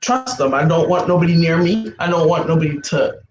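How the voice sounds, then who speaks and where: Woman, guest, emotional, repetitive, halting storytelling, roomy echo. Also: fairly low pitch, darkish tone, highs cut off, slight background noise. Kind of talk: casual personal storytelling.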